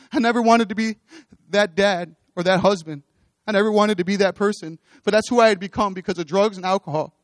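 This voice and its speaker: Casting: man preaching his own testimony, high voice, dry close sound, earnest and repetitive. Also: no room sound. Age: adult, with children. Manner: earnest, repeats phrases, rising to exhortation. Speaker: church speaker giving testimony. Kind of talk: testimony sermon. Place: church stage.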